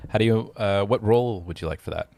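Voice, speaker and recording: A man narrating as game master of a tabletop game, pausing often with fillers and restarting his sentences. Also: lowish voice, vocal fry, mellow. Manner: hesitant, many fillers and restarts.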